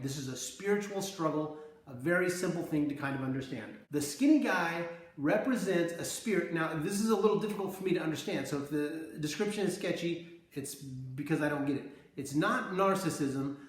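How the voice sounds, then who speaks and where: A man earnestly retelling and interpreting his dreams in a conversational way, acting out the scenes as he goes. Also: a little high. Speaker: preacher recounting visions. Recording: very echoey room.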